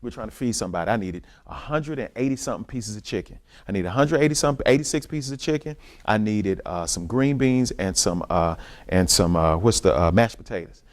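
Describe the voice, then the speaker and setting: A Southern man leads a church workshop in a lively, preacher-style way, talking straight to his listeners. His voice sits a little low. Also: fairly quick, few pauses. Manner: lively preacher-style teaching, talks to the room. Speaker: workshop leader. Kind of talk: church community training talk.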